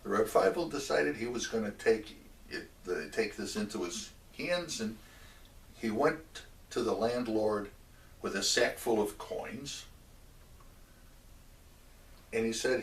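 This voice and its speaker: A man telling a religious story in a measured way, stopping for asides to the listener. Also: fairly low pitch, expressive. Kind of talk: oral storytelling of a religious tale. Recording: roomy echo, mic at a distance.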